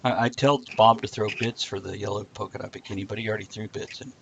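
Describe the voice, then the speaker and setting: A man's voice: on the low side, fairly even intonation, fast talker, creaky, dull audio, a little hiss or hum. A man co-hosting a live stream, joking casually and greeting viewers in chat by name. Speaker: co-host of a live stream show.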